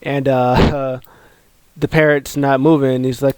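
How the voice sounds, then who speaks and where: A man hosting a casual wrestling recap, excitable and rambling, with lots of fillers and restarts. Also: medium pitch, a little slow, smooth, dry recording. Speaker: wrestling show recap host. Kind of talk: casual video commentary.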